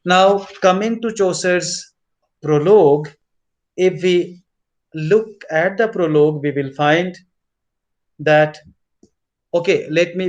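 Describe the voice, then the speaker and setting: A man teaching a literature class, repeating key points slowly as if dictating notes. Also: fairly high pitch. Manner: mixes in Hindi instructions. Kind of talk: classroom lecture.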